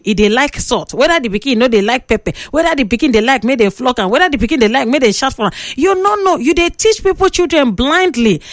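A woman radio presenter speaking with a Nigerian Pidgin accent, lecturing listeners and bantering with callers in a lively, preachy way. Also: high-pitched, no room sound, studio quality. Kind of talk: call-in radio talk.

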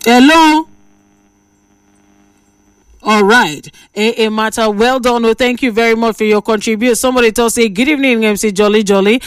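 A woman with a Nigerian accent hosting a call-in radio show, giving lively, scolding advice. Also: a little high, fast talker, few pauses, smooth, dry recording, clean studio sound, far from the mic. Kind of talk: call-in radio talk in Pidgin.

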